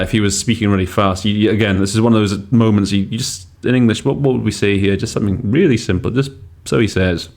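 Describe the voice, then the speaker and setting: Low-voiced man explaining word choices. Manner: thinks aloud, many fillers and restarts. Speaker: podcast host teaching interpreting. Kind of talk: casual explanatory commentary.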